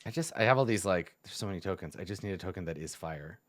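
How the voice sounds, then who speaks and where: A man narrating as game master in an online tabletop game, relaxed and chuckling, with plenty of uhs and ums. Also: deep voice, fast, dry recording. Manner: relaxed, laughing, many fillers.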